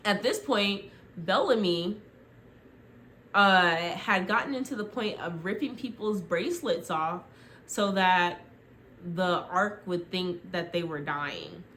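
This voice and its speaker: A young woman chatting through a TV recap in a loose, rambling way, dropping "like" constantly and slipping into quick quoted voices. Her voice sits a little low, recorded on a phone with a faint hum behind it. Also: a bit bright. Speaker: vlogger. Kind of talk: casual TV show recap.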